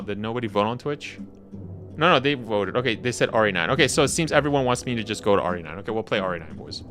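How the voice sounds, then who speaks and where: A man from Canada chatting casually with his viewers on a game stream, animated and slangy, laughing often. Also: mid-range voice. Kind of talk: casual live-stream chat.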